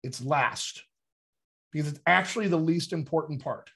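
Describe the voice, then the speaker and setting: Brief: male dialect coach, slightly high voice, lively and chatty, explains things like a teacher. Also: normal speed. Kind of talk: casual explanatory teaching talk.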